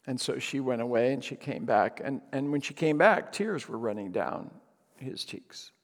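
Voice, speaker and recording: Gravelly-voiced male pastor preaching. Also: medium pitch, expressive, normal speed, big-room sound. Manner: storytelling with frequent ums and restarts. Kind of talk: sermon.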